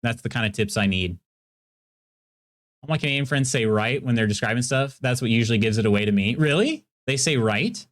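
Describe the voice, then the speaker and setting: Speaking fast in a mid-range voice, a streamer with a Midwestern American accent chats casually with his viewers during a game. He laughs a lot while reacting to their messages.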